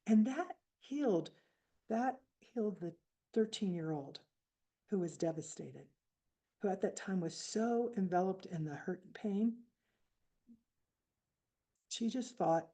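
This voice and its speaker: A woman in her seventies telling a personal story at a book fair, reflective and halting with restarts. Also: medium pitch, expressive, mellow. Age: 70s. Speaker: author speaking at a book fair.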